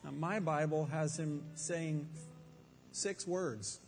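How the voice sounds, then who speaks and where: With a slightly high, steady voice and a slow pace, a man delivers Bible teaching before an audience in a room. His style mixes conversation with emphasis and rhetorical questions, while faint reverb and background noise color the audio.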